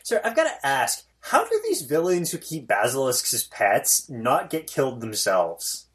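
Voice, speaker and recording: A woman's voice: extremely low pitch, huge pitch swings, a little slow. A woman playing a tabletop game, asking wry questions. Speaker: player. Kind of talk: casual chat.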